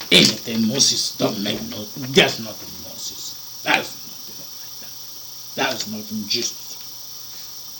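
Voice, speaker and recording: A man preaching an impassioned sermon, swinging between loud declamations and hushed, almost whispered lines. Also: mid-range voice, noisy background. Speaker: spiritual preacher.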